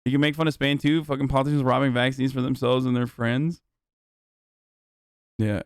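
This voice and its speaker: A man's voice: mid-range voice, level tone, quick pace, clean tone, no echo, clean studio sound. A man hosting a live stream, talking casually and sarcastically with lots of swearing. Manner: profane, sarcastic. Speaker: streamer host.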